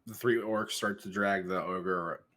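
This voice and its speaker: A man's voice: sits low, fairly even intonation, unhurried, sharp tone. A man narrating as game master of a tabletop game, in a loose, rambling way full of fillers.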